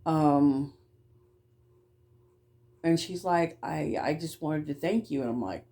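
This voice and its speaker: A woman's voice: sits low, warm tone. A woman who runs a childcare business, telling a story casually, bluntly and with swearing, stumbling over words now and then. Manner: talks fast at times. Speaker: childcare provider.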